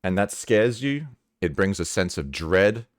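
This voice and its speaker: A man's voice: low voice, very animated, a little slow, dry recording, studio quality. A man talking earnestly and casually to camera about a personal topic, swearing now and then. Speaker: vlogger. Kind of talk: candid personal talk to camera.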